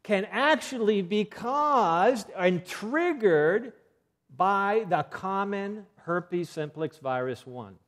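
A man's voice: sits high, expressive, slow pace, fairly bright tone. Earnest man giving a health lecture. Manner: earnest, emphatic, repeats himself.

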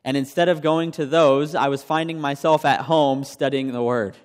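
A man's voice: mid-range voice, fairly even intonation, normal speed, clear, resonant tone. A young man preaching a sermon, sharing his own testimony in a conversational way and asking the congregation questions. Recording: long hall reverb.

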